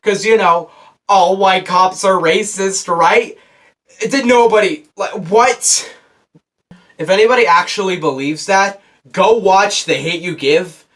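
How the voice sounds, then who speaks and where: A man's voice: a little high, fairly bright tone. Exasperated young man ranting. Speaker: movie reviewer. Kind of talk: casual video review. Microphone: camera on a desk.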